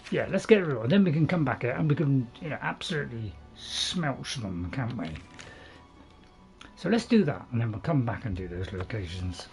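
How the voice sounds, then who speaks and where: A British gameplay channel host rambles chattily through casual let's-play commentary, chewing as he talks to viewers and teasing himself playfully. His medium-pitched voice is a little mellow, with lively intonation, a moderate pace, and long pauses, while faint music plays behind.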